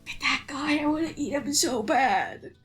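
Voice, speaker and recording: A woman's voice: high voice, lively intonation, moderate pace, reverberant, faint music behind. A woman voicing her hungry, curious female house cat, giving it a blunt, greedy mutter as it stares at a game on screen. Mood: greedy, baffled.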